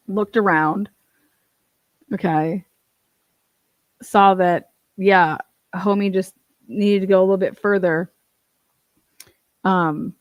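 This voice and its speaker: Here a young woman chats about true crime in a blunt, foul-mouthed way, spinning stories full of lively asides. She speaks in a lowish register. The audio is lo-fi, with no echo.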